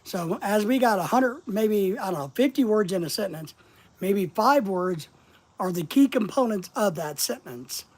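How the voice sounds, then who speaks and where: A man's voice: sits high, lively intonation, a little slow. Male streamer, reads a book aloud and riffs on it, hits key words hard. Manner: emphatic, stresses key words, reflective. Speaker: live-stream host. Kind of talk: reading a book aloud and commenting.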